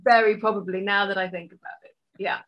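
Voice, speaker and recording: A woman from Britain joins a podcast as a guest. Her voice sits at a middle pitch. She chats casually and laughs often. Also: steady tone, fast talker, highs cut off. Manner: amused, laughs easily. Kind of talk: casual conversation.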